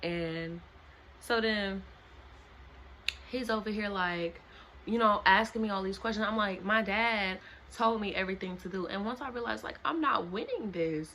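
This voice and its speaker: A young woman vlogger telling a story to camera in a casual, animated way, acting out what other people said. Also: mid-range voice, slight background noise. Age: young adult. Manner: animated, dramatic retelling that acts out other people's lines. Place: home.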